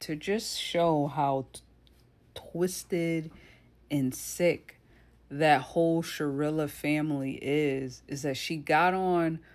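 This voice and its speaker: A woman giving casual commentary on a true crime case, with a blunt, indignant, conversational manner. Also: sits low.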